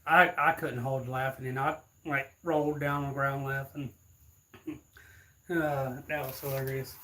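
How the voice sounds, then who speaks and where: A man's voice: mid-range voice, little pitch movement, a little slow, sharp tone. A man, telling a rambling, laughing story casually to his viewers. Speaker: streamer.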